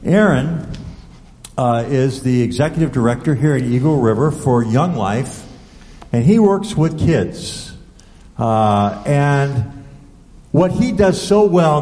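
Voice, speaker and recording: A man preaching, telling a story in a conversational, animated way with asides to the audience. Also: mid-range voice. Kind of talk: sermon storytelling. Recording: reverberant hall.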